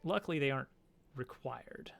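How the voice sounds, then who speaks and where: A man's voice: mid-range voice, expressive, normal speed, vocal fry, music in the background. A man streaming a video game, chatting casually and chuckling between asides. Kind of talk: casual chat while playing a game.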